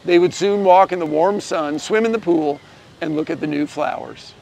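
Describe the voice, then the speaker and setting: A man reading a children's picture book aloud, gently telling the story and shifting his voice a little for each character. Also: a little high, normal speed, creaky, slight background noise. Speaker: storybook reader.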